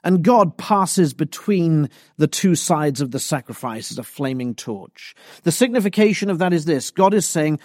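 A man preaching an expository sermon, deliberate and emphatic. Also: on the high side, lively intonation, a little mellow, dry recording, clean studio sound.

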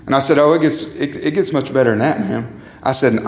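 Preaching briskly in a church sanctuary, this pastor has a slightly mellow voice that echoes around the room. He stresses his points, repeats words, swings between high and low pitch, and calls listeners "guys" and "beloved".

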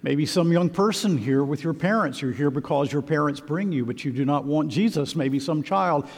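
A man preaching a sermon in a church, earnest and emphatic with measured pauses. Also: on the high side. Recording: long reverb of a large hall.

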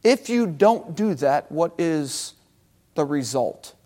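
A man preaching a sermon, animated and talking directly with his congregation. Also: on the high side, takes it slowly. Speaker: pastor.

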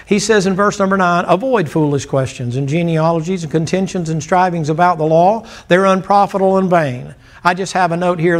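A man, preaching a sermon in a folksy, joking manner. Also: a little high. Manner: folksy, animated preaching with jokes. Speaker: pastor.

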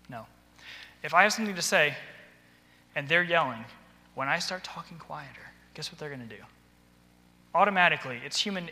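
Man, training speaker at church, bright and punchy delivery, reverberant auditorium. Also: a little high. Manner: animated, acts out soft and stern examples. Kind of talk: practical training talk. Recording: hall reverb.

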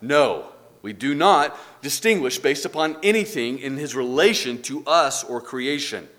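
Male Bible teacher, earnest explainer, very lively intonation, mid pitch. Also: measured pace. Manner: earnest, explains with examples and rhetorical questions. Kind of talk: church class teaching.

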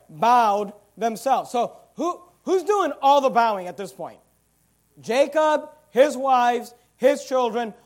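A man preaching a sermon, teaching verse by verse and acting out the characters' thoughts in quoted asides. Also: very high-pitched. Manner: verse-by-verse Bible teaching, urging listeners to underline words. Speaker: pastor.

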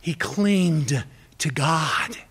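A male pastor delivers a sermon in a high voice. He preaches emphatically, urging his listeners with repeated phrases, and swings between loud exhortation and hushed asides. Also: animated, extremely slow, breathy edge. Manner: repetitive, exhorting the congregation.

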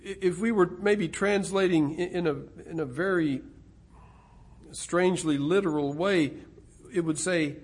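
A middle-aged man preaching an expository sermon, slow and deliberate, rising to loud emphatic stresses. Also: high-pitched.

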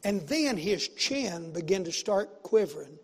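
A pastor telling a story in a sermon, folksy and emphatic, repeating phrases and swinging from loud to hushed. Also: male voice, sits high, expressive, unhurried, breathy edge, big-room sound.

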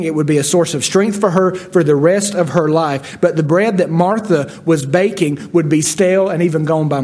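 A man preaching a sermon, expressive, acting out the words of biblical figures with rising and falling loudness. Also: a little high. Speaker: pastor.

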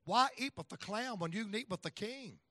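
Delivering a sermon, this middle-aged male evangelist tells homespun tales, performs different voices, and swings between loud and quiet. He sounds high-pitched and animated, going a little fast, in studio-quality audio without echo.

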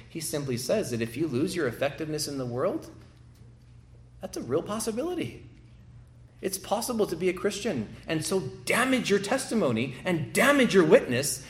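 A man preaching an expository sermon in a voice pitched a little high. He builds to emphatic, rising swells and slows down to stress key phrases. The sound rings around an echoey church room. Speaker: pastor.

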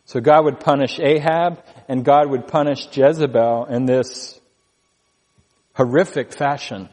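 A man preaching an expository sermon, reading scripture slowly and stressing key words with deliberate pauses. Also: mid-range voice, steady tone, a little mellow, long reverb tail. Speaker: pastor.

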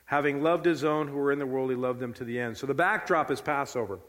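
A man's voice: mid-range voice, fast, fairly bright tone, in a large hall. A man preaching a sermon as pastor, earnest and emphatic, repeating key phrases.

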